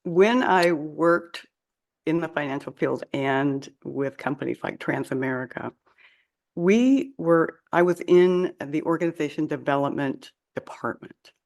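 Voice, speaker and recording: An older woman, a leadership coach, telling her career story in a measured conversational way. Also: low-pitched, gravelly, darkish tone. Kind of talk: conversational interview.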